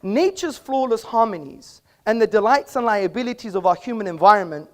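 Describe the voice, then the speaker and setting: A man's voice: high-pitched, expressive, fairly quick. Man debater on stage, emphatic and rhetorical, live hall speech. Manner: emphatic, rhetorical, addresses the audience. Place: auditorium with an audience.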